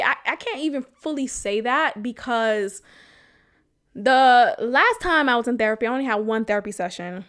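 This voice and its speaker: Animated, laughing woman podcast host. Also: high-pitched. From Boston area, US. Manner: animated, swears freely, laughs often. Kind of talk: candid storytelling chat.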